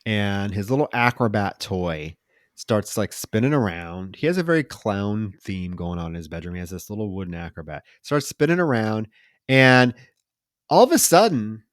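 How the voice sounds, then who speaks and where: A man's voice: on the low side, big pitch swings, moderate pace, no room sound, clean studio sound. A man co-hosting a podcast, retelling a film's plot casually with mocking, profane asides. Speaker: podcast co-host.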